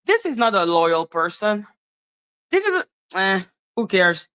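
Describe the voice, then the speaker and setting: A woman's voice: medium pitch, big pitch swings, unhurried, fairly bright tone, clean tone, low-quality recording. Scornful, foul-mouthed woman ranting. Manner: profane, sarcastic, scornful. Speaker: commentary channel host. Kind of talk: livestream rant.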